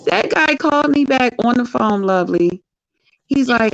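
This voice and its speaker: A woman guest in a casual chat, telling a story in an animated, expressive way. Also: a little high, moderate pace, gravelly, no room sound. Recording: dull lo-fi sound.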